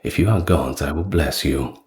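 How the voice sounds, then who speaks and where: A man voicing the moaning, regal queen of the underworld in a soft storytelling read. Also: very deep voice, moderate pace.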